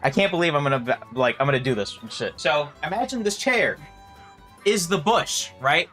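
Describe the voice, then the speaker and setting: Animated man telling a storytime vlog. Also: fairly high pitch, moderate pace. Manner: animated, expressive storytelling with swearing and laughter. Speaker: streamer and video creator. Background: faint background music.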